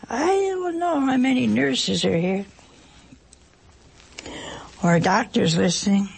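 A woman preaching an emotional sermon, pausing dramatically and dropping at times to a whisper. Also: a little high, gravelly, breathy edge.

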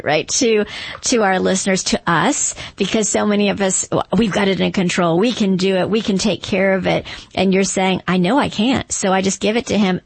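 A woman's voice: mid-range voice, vocal fry, breathy edge, no room sound. A woman co-host reflecting on a guest's story and asking follow-up questions in a casual interview. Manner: warm affirming, reflective. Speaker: podcast co-host.

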